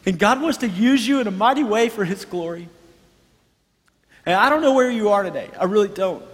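A man's voice: high-pitched, a little fast, big-room sound. A man in his thirties, a pastor, preaching a sermon with earnest storytelling and emphatic repetition.

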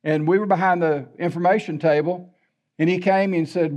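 A man's voice: high-pitched, fairly even intonation, moderate pace, highs cut off. An older man, a pastor preaching a sermon in a folksy, candid storytelling way.

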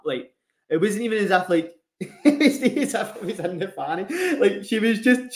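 A man's voice: sits high, expressive, moderate pace, slight background noise. A young man telling a rowdy story with lots of swearing and laughter, as a podcast co-host in casual chat. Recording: echoey room.

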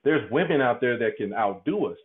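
Halting man on a tinny line. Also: medium pitch, lively intonation. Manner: halting, repeats words, laughs often. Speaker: podcast guest. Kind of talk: candid conversational interview.

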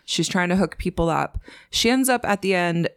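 Young woman co-host, lowish voice, blunt and matter-of-fact. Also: normal speed, clean tone. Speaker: podcast co-host. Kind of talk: casual chat.

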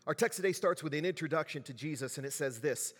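Preaching in an echoing large hall, a pastor with a slightly high voice talks fast. His sermon feels conversational, with questions directed at the congregation.

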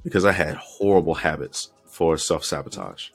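Deep husky-voiced man telling his story. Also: moderate pace, soft background music. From Florida. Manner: candid, reflective, acts out remembered dialogue. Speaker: guest. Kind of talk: personal storytelling.

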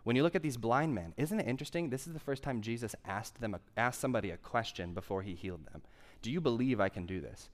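A young man preaching a sermon in a conversational style, driving points home with emphatic repetition. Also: on the low side. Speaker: pastor.

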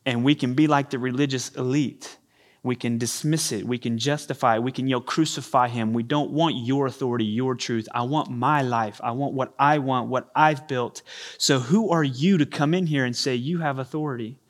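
A man's voice: medium pitch, normal speed. A man preaching a sermon from a church stage into a microphone, acting out the voices he quotes. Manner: animated, acts out quoted voices. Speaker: pastor. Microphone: handheld or stage microphone.

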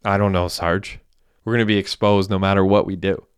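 A volatile young killer, shaken yet scheming, as a man reads him in an audiobook. The voice is low, smooth and clear, recorded close and dry. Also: flat delivery, fairly quick, no room sound, close to an everyday voice. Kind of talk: audiobook character voice.

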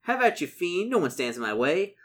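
A man's voice: high-pitched, very animated, a little fast, a bit bright, a little hiss or hum, voice pushed up. A man voicing a brash male adventurer who insults and threatens a gatekeeper in a solo tabletop game. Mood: taunting.

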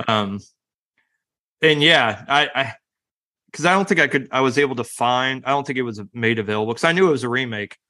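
A man's voice: medium pitch, expressive, fairly quick, bright, forceful tone. A man co-hosting a casual movie podcast, rambling and restarting his sentences, laughing often. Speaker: podcast co-host. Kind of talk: casual chat about movies.

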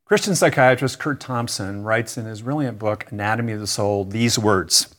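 Earnest man preaching with emphatic pauses. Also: fairly low pitch, fairly bright tone. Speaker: pastor. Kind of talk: sermon.

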